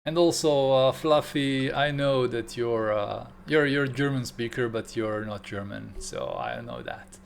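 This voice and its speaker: A man chats with his viewers in a playful, joking way. He talks at a slow, unhurried pace in a mid-range voice, and a faint hum runs underneath. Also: mid-range voice, sing-song, gravelly. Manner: playful, joking, mock German phrases. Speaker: streamer. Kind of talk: casual livestream chat with viewers.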